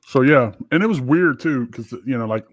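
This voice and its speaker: A man's voice: mid-range voice, expressive, moderate pace, dry recording. Profane rambling man, dry mic. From Georgia, US. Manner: profane, rambling storyteller with many fillers. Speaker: podcast co-host. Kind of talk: casual chat.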